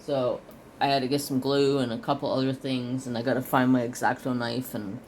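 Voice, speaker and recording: A man's voice: level tone, normal speed, slight background noise. A man hosting a craft video, rambling with hesitations and restarts, chatting casually at home. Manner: baby-talks high-pitched to his dog. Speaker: craft channel host.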